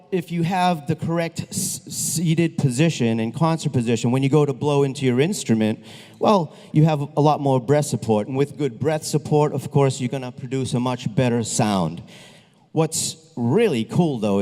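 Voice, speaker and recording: Brief: male band director, chatty and upbeat, mellow tone, long hall reverb. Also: mid-range voice. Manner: chatty and upbeat, with restarts and asides. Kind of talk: speaking to a concert audience between pieces. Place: school auditorium.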